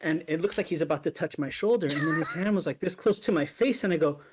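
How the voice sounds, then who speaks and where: A man co-hosting a casual podcast chat, telling a personal story in an animated way and acting out the other people's lines. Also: on the high side, fast, slight background noise. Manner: animated storyteller, acts out quoted voices. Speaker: podcast co-host.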